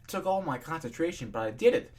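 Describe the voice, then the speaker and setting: A man's voice: a little high, animated, fast talker, darkish tone, pitched above the performer's own voice. A man voicing an eager young female unicorn scholar in a fan reading of a storybook, with a cheerful, proud manner.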